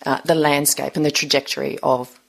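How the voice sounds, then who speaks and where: Low creaky-voiced woman. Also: little pitch movement. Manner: earnest, reflective, unhurried. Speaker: podcast guest. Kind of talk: personal storytelling interview.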